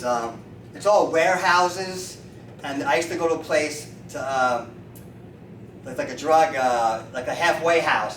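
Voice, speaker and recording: Telling animated stories to a meeting, this featured speaker, a chiropractor in his fifties, impersonates the voices of those he quotes. He has a slightly high voice, picked up by a distant mic in a roomy meeting room with faint noise.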